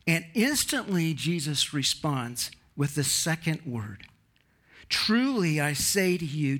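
A man preaching a sermon in an earnest, emphatic way, lifting his voice on key points. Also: a little high.

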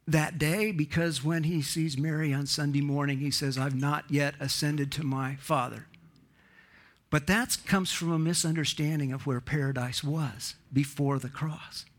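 A man's voice: measured pace, fairly bright tone. Earnest male preacher, emphatic sermon. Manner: earnest, emphatic, rises in pitch on key points.

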